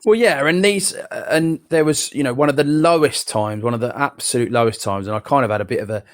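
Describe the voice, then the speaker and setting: A man's voice: mid-range voice, a little fast. A man, hosting a casual live chat and telling a personal story with quoted voices and swearing. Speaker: podcast host.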